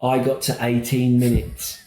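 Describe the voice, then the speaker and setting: Bloke on a podcast rambling through a funny story, laughing at himself, kinda echoey room. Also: male voice, mid-range voice, a little slow. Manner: rambling, animated, self-mocking, laughs often. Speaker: podcast guest, children's TV presenter. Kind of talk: casual storytelling chat. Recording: roomy echo.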